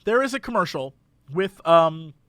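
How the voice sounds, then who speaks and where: A man's voice: fairly high pitch, normal speed, dry recording, clean studio sound. A man co-hosting a comedy podcast, telling jokey, silly stories in casual chat. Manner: animated, silly, jokey storytelling. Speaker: podcast co-host.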